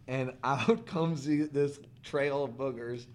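A man's voice: mid-range voice, slow, slight background noise. A man in casual chat as podcast co-host, telling a story animatedly, laughing and swearing.

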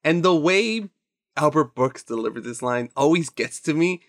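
A young man co-hosting a casual movie podcast, excitable and quick to laugh, with some swearing. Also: fairly high pitch, no room sound, clean studio sound. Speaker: podcast co-host.

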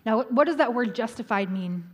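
A woman's voice: on the high side, expressive, moderate pace, husky, low-quality recording. A middle-aged woman pastor preaching a sermon in a conversational way, restarting phrases and adding humorous asides. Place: church. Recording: loud background noise.

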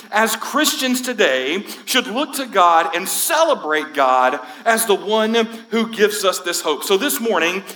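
Poor audio carries this man's fairly high, bright, forceful voice as he preaches in a church sanctuary. Speaking conversationally as a pastor, he quotes speeches from movies, his emphasis climbing toward emphatic lines.

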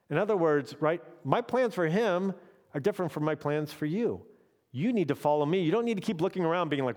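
A man's voice: on the high side, lively intonation, fast talker. A man preaching a sermon as pastor, in a conversational way that keeps checking in with "right?". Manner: conversational, often adds "right?".

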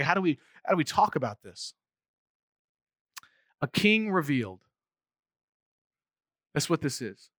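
A man preaching a sermon to his congregation. His delivery is animated, and he rises to near-shouts for emphasis. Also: fairly high pitch, slow, long pauses, dry recording. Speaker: pastor.

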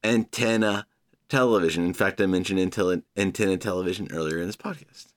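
A man's voice: low voice, fast. A man hosting his own podcast, rambling playfully and talking straight to his listeners as "humans". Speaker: podcast host. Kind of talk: casual solo podcast monologue.

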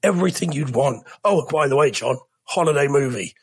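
Husky-voiced man making wry remarks. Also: mid-range voice, expressive, dry recording. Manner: dry, wry remarks, many quick agreements. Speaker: podcast co-host. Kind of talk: casual chat.

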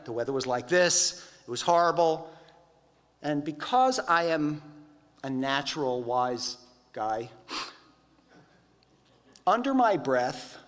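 A man preaching a sermon, telling stories in a conversational, animated way. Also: medium pitch, long reverb tail. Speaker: pastor.

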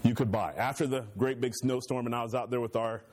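Chatty pastor teaching a Bible class. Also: male voice, mid-range voice, flat delivery, brisk. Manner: conversational, joking, uses homey illustrations.

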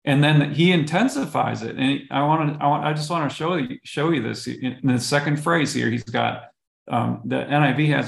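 Gravelly-voiced pastor in a roomy space. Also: male voice, medium pitch, fairly even intonation, moderate pace, fairly bright tone. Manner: earnest, explanatory, with frequent restarts. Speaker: pastor and podcast co-host. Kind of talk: bible study conversation.

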